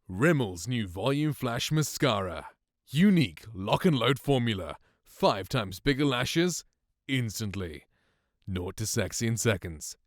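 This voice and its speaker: A man giving a slow, punchy commercial voice-over read as a smooth announcer, close on a studio mic. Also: on the low side, no room sound. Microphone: studio condenser mic, close.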